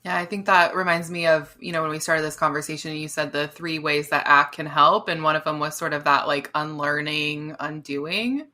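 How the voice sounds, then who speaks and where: Woman, podcast host, very low voice, bright tone, affirming, asks reflective questions. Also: steady tone, normal speed, few pauses. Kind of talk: podcast interview.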